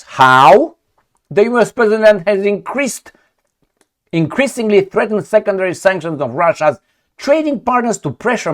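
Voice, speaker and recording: Blunt sarcastic male commentator, lively pitch. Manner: blunt, sarcastic, mocking asides. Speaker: political commentary vlogger. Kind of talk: casual political commentary.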